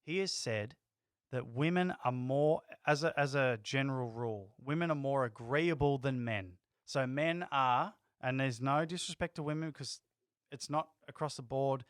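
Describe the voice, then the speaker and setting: A man's voice: mid-range voice, moderate pace, fairly bright tone, clear, resonant tone, no room sound, studio quality. A man co-hosting a casual livestream chat, arguing his points emphatically. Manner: emphatic, argumentative. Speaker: livestream co-host.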